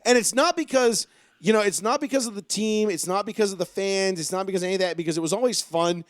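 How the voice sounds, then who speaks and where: A man's voice: high-pitched, fast talker, dry recording, studio quality. A young man co-hosting a sports podcast, ranting bluntly and profanely in casual chat. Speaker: podcast co-host.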